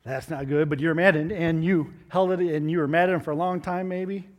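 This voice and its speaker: Man, children's sermon, fairly high voice, gentle coaxing questions. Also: steady tone, a little fast, in a large hall. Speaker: children's moment leader.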